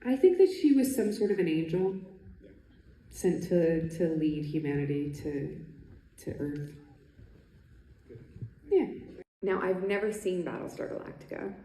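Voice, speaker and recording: A woman's voice: fairly low pitch, animated, unhurried, long pauses, mellow. A woman talking as a panel guest at a convention, chatty and laughing, with many ums and restarts. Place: convention stage hall. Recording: echoey hall.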